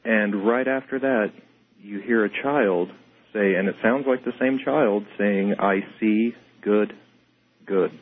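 Husky low-voiced man on a phone line. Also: a little slow. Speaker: guest investigator. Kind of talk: radio interview answers. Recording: tinny phone-line audio.

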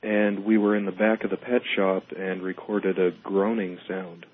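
A man calling into a radio show as a paranormal investigator, explaining matter-of-factly. His voice is lowish and husky. It comes through a tinny phone line. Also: flat delivery, normal speed. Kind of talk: phone-in interview.

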